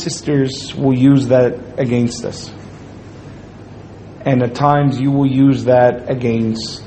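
A man delivers a humorous Islamic lecture to an audience in a mid-range, slightly mellow voice, recorded with poor audio and slight background noise. He jokes and playfully tells stories, acting out little scenes with quoted lines.

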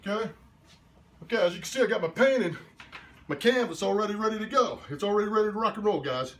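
A man's voice: high voice, expressive, quick pace. A man demonstrating abstract painting in his studio, talking in laid-back hipster slang and muttering to himself as he works. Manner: mutters quietly while working.

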